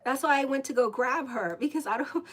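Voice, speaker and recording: A woman with a somewhat high voice gives a casual live tarot reading. She talks loosely and conversationally, drifting into asides to her audience and her cat before returning to the cards. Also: normal speed. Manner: chatty, breaks off into asides to viewers and her cat. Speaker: astrologer and tarot reader.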